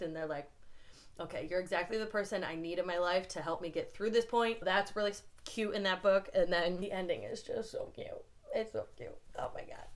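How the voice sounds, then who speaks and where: A young woman from the United States reviewing books in a casual vlog, chatty and gushing, with lots of "like" fillers. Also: medium pitch. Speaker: book reviewer. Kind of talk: casual book recommendation vlog.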